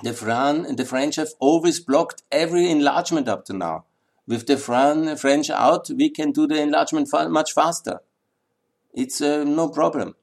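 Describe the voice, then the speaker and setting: A man's voice: on the high side, moderate pace, creaky. Emphatic man. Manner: emphatic, repeats points for weight. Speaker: political commentator. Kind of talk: opinion monologue.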